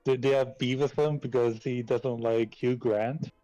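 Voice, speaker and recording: A man's voice: mid-range voice, fairly even intonation, a little slow, dark tone, no echo. A man chatting casually on a live stream, easygoing and affectionate toward the viewers. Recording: dry, slightly dull mic with faint music.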